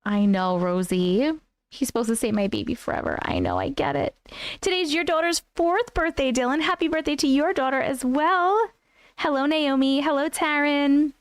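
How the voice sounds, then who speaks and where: A woman with a high, expressive voice hosts a live stream where she reads weird stories, greeting her chat viewers one by one. She's bubbly and playful, tries out silly accents and speaks at normal speed in a dry recording.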